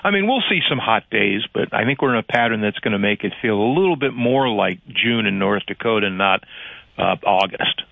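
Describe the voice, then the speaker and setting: Brief: male radio weather guy, relaxed and chatty, sound thin like a phone line, dry. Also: fairly low pitch, a little fast, gravelly, no room sound. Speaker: radio meteorologist. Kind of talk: radio weather forecast and banter. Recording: phone-like narrow band.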